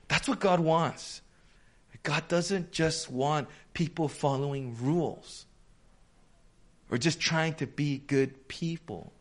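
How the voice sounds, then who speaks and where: A man preaching a sermon in a conversational, animated way, acting out quoted voices as he goes. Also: on the high side. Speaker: pastor.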